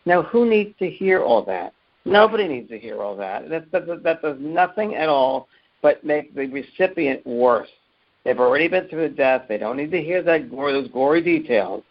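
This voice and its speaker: In muffled, lo-fi audio, a mediumship teacher answers an interview question by recounting stories from his work. His voice sits a little high, with lively intonation and a normal pace, and his delivery is earnest and emphatic, with frequent repetition.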